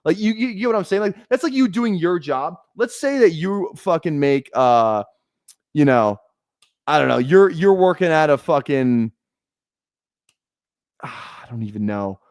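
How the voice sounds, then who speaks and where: A man whose voice sits fairly high delivers heated live-stream commentary on a fantasy football draft, cursing at his chat and repeating himself. The sound is clean studio audio with no echo.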